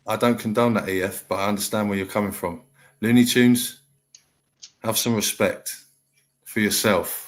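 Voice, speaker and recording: A man's voice: fairly low pitch, steady tone, normal speed, long pauses. A middle-aged man hosting a live stream panel, talking bluntly and lecturing in a heated chat.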